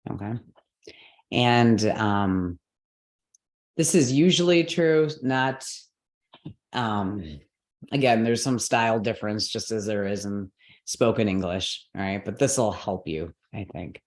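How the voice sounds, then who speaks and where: A woman teaching an online mantra lesson as a yoga and Sanskrit teacher. She explains step by step, checks in often with okay and all right, and slows down to spell out syllables. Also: a bass voice, a little mellow. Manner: patient explaining with frequent okays and all rights.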